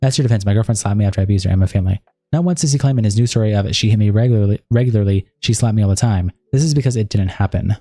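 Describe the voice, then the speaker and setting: A man hosting a livestream, quickly reading text messages and written statements aloud. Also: fairly low pitch, mellow, no echo, clean studio sound. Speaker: livestream host.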